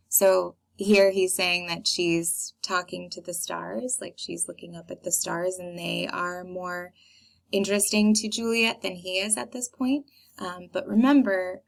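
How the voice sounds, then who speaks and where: A young woman talks through a classic play line by line, reading passages and then explaining them in easy, chatty terms with plenty of fillers. Her voice has a gravelly, creaky edge at mid pitch. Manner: casual, chatty, with many fillers.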